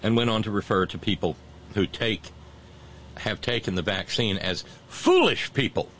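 Man, talk show host, sarcastic, mocking, lowish voice, faint background hiss. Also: normal speed, fairly bright tone. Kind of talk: opinionated commentary reading listener messages.

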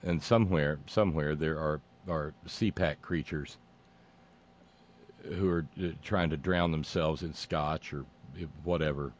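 A man hosting a sarcastic political commentary monologue, mocking and meandering with frequent pauses and restarts. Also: rumbling low.

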